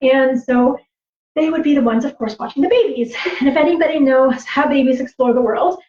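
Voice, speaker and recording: A woman storyteller and teacher on a livestream, animated and laughing, acting out voices as she tells stories. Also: sits high, fairly quick, slight background noise. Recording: roomy, slightly dull livestream audio.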